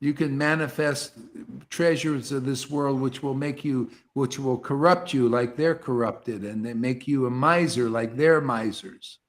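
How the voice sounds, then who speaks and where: A man giving an impassioned devotional talk to an online group, preachy and fervent, swinging between soft asides and loud exclamations. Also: medium pitch, a little slow. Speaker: spiritual teacher leading an online satsang. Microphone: video call.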